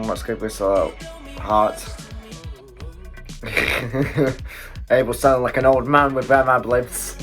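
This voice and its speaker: A man with a British accent hosting a casual music reaction and exclaiming often as he listens. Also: mid-range voice. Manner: excitable, quick exclamations and chuckles. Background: faint music playing.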